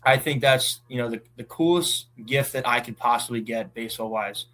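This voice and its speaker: A young man around twenty from southeastern Pennsylvania, a college ballplayer telling stories in a relaxed chat, full of fillers. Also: mid-range voice, moderate pace. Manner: relaxed storytelling with many fillers. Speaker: college baseball player, guest. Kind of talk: casual chat.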